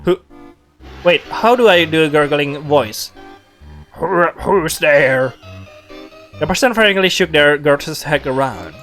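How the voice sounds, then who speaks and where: A man reading a game's story text aloud and breaking off for quick reactions and asides. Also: on the high side, lively intonation, a bit bright, faint music behind. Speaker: gamer reading a visual novel aloud.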